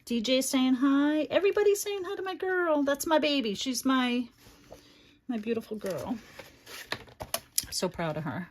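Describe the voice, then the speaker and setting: This middle-aged woman's high voice carries lively intonation as she runs a chatty craft tutorial livestream, reading chat aloud between steps. She keeps a measured pace, pausing often, over a little hiss or hum. She's friendly and warm toward her daughter and viewers.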